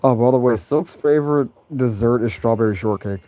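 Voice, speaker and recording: A man's voice: warm tone, no room sound. Giggly man chatting casually with viewers. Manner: giggly, breaks into high laughter often; halting, repeats and restarts phrases. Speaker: creator answering viewer questions. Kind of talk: casual livestream chat.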